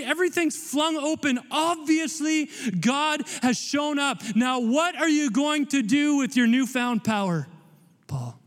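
High-voiced preacher in an echoing hall. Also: male voice. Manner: emphatic, rambling, joking asides, repeats words. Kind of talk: sermon. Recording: long hall reverb.

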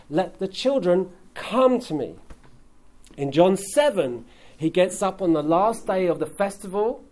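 Male pastor, earnest sermon delivery, a touch higher-pitched, leans into key phrases. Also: darkish tone. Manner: earnest preaching, builds emphasis on key phrases.

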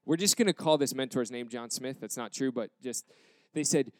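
Guy telling a funny story about himself, smooth clear voice, dry close mic. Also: medium pitch, moderate pace, no echo. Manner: self-deprecating, animated retelling with quoted dialogue. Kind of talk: casual storytelling.

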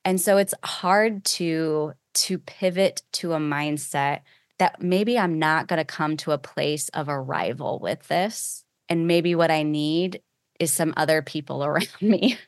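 A woman with a notably low, smooth and resonant voice hosts a faith podcast interview. She speaks in a reflective, thoughtful way as she poses her questions, and the sound is close and dry. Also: unhurried, no room sound. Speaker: podcast host.

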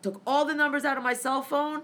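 A woman with a high, bright voice tells a story in loose, casual chat. She swears constantly and acts out every line of dialogue herself. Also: fairly quick. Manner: profane, animated, acts out dialogue.

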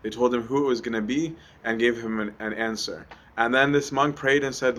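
A man's voice: mid-range voice, fairly even intonation, brisk, few pauses, a bit bright. A young adult man giving a conversational sermon, often asking "right?" with many ums. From Egypt. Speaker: preacher.

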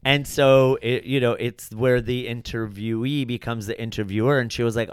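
Comedian guest, male, animated rambling delivery, smooth voice, dry close mic. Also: medium pitch, no room sound. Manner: animated storytelling, quick rambling. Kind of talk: casual chat. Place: his apartment in New York.

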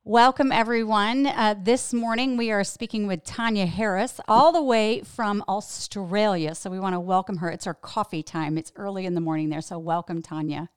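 A woman's voice: medium pitch, moderate pace, hardly any pauses, smooth, no echo, studio quality. A woman hosting a faith podcast, giving an earnest scripted intro before chatting casually and expressively with her guest, laughing easily. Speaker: podcast host. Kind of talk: scripted intro, then casual interview chat.

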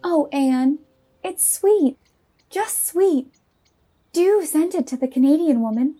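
A woman's voice: very high-pitched, expressive, moderate pace, darkish tone, pitched above the performer's own voice. A woman voicing an eager, anxious teenage girl who is a faithful friend. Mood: enraptured.

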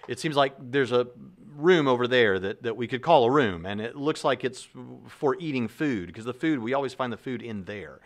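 A man voicing an earnest male mouse who makes an eager, stumbling case for a higher being. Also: lively intonation, moderate pace, few pauses, natural voice. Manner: eager, searching, stumbling over words.

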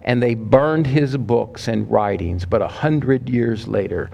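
A male preacher delivering a sermon, telling a story dramatically and often dropping to a hushed, low voice. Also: takes it slowly, vocal fry, few pauses.

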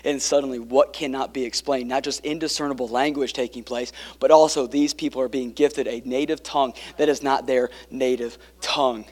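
A man preaching a sermon, swinging between quiet, intimate passages and emphatic ones, with joking asides to the congregation. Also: medium pitch, fairly even intonation, a little fast, hardly any pauses, long reverb tail. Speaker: pastor.

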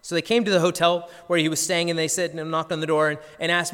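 Earnest pastor preaching in a reverberant church. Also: male voice, fairly high pitch, flat delivery, racing, hardly any pauses, a bit bright, smooth. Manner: earnest storytelling with frequent word repeats. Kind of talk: sermon. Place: church sanctuary.

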